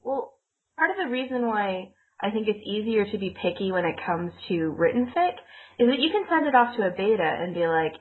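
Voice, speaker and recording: A woman's voice: medium pitch, expressive, a little fast. A woman co-hosting a casual podcast chat, rambling and laughing often as she corrects herself. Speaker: podcast co-host. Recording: tinny phone-like audio.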